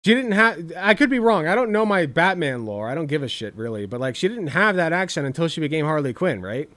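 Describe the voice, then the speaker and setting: A young man with a fairly high, very animated voice gives blunt, profane reaction commentary. He circles back and repeats his points for emphasis. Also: brisk. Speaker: streamer reacting to clips.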